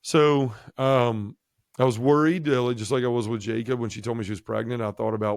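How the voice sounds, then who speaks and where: A man telling his personal faith testimony as a guest, earnest and halting, with many restarts. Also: mid-range voice, fairly even intonation, no echo, studio quality.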